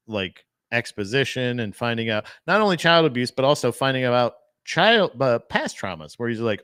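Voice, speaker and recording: A man's voice: mid-range voice, lively intonation, normal speed, few pauses, a bit bright, clear, resonant tone, no echo, clean studio sound. A young adult man hosting a casual comedy chat, rambling, swearing a lot and laughing often. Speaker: podcast host.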